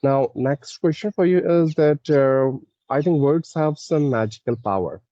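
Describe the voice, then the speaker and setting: A man asking interview questions politely, pausing often. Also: on the high side, mellow, no echo, lo-fi sound. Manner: hesitant, many "uh" pauses, polite.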